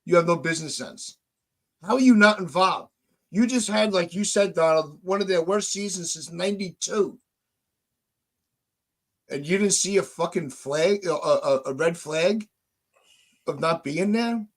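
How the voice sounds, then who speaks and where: A man's voice: sits high, measured pace, long pauses, a bit bright. A man hosting a podcast, venting with frustration, swearing and restarting his sentences. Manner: frustrated, repetitive restarts, profane. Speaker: podcast host. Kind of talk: heated casual podcast chat.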